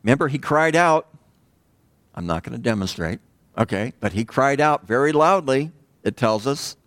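Conversational male pastor with a lively, animated delivery. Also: medium pitch, no room sound. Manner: conversational preaching with pauses and rhetorical questions. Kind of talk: sermon.

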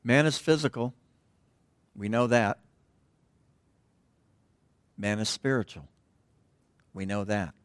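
A middle-aged man giving a conversational sermon as pastor in a church, wandering off on tangents and letting his voice sink to a hush at the ends of phrases. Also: lowish voice, slow, long pauses, clean tone, no echo.

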